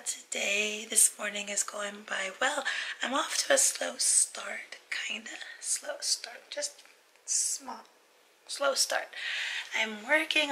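Female vlogger, 40s, home setup; weak, breathy half-whisper, bright tone, faint noise behind. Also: a little high, rough recording. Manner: chatty, drifting between soft voice and whisper. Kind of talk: casual chat to camera. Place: home workspace.

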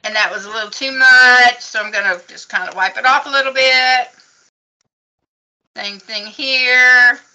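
A woman's voice: a little high, measured pace, sharp tone, poor audio. A woman teaching a casual painting lesson at a craft table, chatty and encouraging as she explains each step. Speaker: craft instructor.

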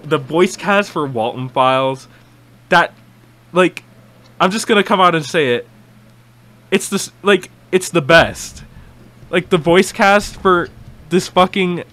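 Excitable young guy gushing and swearing through a reaction video, bright, crisp voice. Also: mid-range voice. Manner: excitable, swearing, rambling with restarts. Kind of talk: casual reaction commentary.

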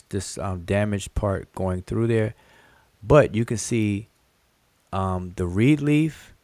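A man with a fairly low voice teaches on a livestream, walking his viewers through inscriptions. He explains patiently, circles back to repeat key terms, and speaks to his chat directly. His voice is dry and close, with no room around it. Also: darkish tone, dry recording. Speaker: host teaching hieroglyphic writing.

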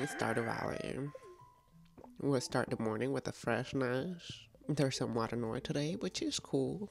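A woman with a raspy, creaky voice hosts a relaxed let's-play. She chats and jokes with her viewers and talks to the game's characters. Faint music plays underneath. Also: rumbling low. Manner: chatty and playful, talks to game characters and viewers. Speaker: gaming video host. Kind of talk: casual let's-play commentary.

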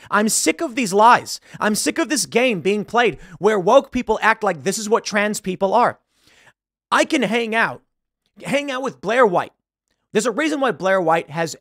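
Host, male, political commentary: emphatic and agitated, high-voiced and dry. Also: fairly bright tone, dry recording. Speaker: show host.

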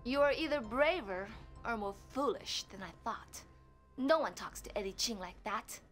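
A woman's voice: on the high side, expressive, normal speed, a bit bright, faint music behind. An actress playing a cold, ruthless female crime boss in a video game, speaking in imperious, clipped threats. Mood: menacing. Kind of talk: full-motion video game acting.

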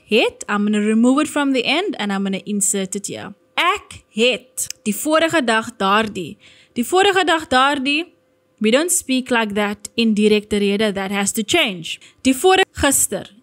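A woman gives an online grammar lesson in a somewhat high voice. She stays upbeat and walks through each step aloud. Now and then she corrects herself mid-sentence. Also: a bit bright. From South Africa. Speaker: teacher.

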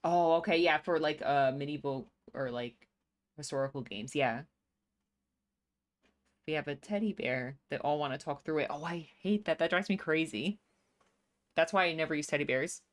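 Deep-ish voice lady streamer, chatty, laughs a lot while playing. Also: normal speed, long pauses. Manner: chatty, laughs often, reads chat aloud. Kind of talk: casual gameplay chat.

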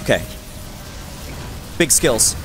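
A young man giving excitable game commentary, laughing and talking back at the game as he plays. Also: slow pace, faint music behind. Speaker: gaming YouTuber.

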